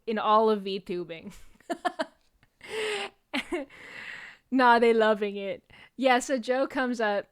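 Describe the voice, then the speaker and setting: A young adult woman streamer telling a story in a casual, animated way, with frequent swearing and rambling asides. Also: a little high, takes it slowly, pauses often, clear, resonant tone. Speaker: VTuber streamer.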